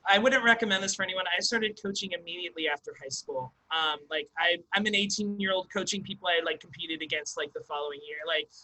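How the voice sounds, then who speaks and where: Young guy guest on a podcast, high bright voice, rambling animated stories, lots of likes. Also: rough recording. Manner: animated, fast storyteller full of likes and ums. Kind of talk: casual storytelling interview.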